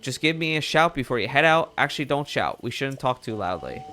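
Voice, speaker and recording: A man's voice: mid-range voice, brisk, soft background music. A man reading a jittery little bird reporter. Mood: chatty. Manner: reading game text aloud with lively rises. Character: chatty male bird reporter, eager, easily spooked. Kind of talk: reading game dialogue aloud.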